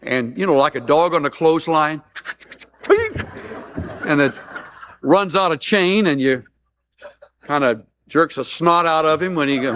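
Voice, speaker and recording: A man's voice: on the high side, animated, a little slow, fairly bright tone, slight background noise. A man preaching a sermon as a pastor, mixing humorous stories with earnest appeals.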